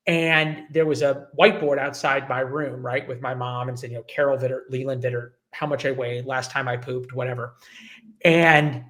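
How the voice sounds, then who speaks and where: A man's voice: medium pitch, fairly bright tone. A man in his forties, a journalist guest telling his life story in an interview, acting out the people he quotes. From United States. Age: 40s.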